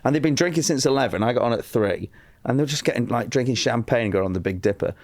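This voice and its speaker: A comedian from England telling a long anecdote on a podcast, acting out quotes and laughing a lot. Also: male voice, mid-range voice, animated, fast talker, a little mellow, no echo. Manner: storytelling with acted-out quotes, laughing often. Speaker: comedian guest.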